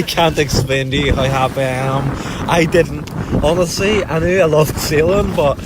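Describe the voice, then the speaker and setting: Man, breathless and gushing, on a phone voice note with clear sea noise. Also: fairly high pitch, normal speed. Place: sailing boat out on the ocean.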